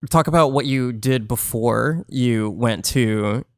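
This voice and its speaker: A man's voice: mid-range voice, slow, no room sound. A man hosting an interview, asking short, prompting questions and encouraging his guest along. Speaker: podcast host.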